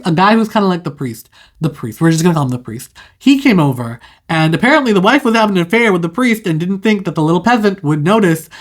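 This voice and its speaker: A speaker casually retelling a fairy tale, rambling with chatty asides and self-corrections. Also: mid-range voice. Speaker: storyteller.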